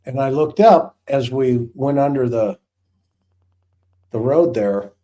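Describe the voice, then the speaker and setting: A man's voice: medium pitch, slow, mellow. A former hostage negotiator, a man, telling a rambling, vivid story in casual chat with many restarts.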